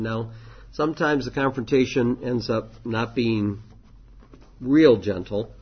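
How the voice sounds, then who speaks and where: Man, pastor, classroom teaching, conversational, frequent ums, slightly husky, muffled recording. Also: medium pitch, slow pace.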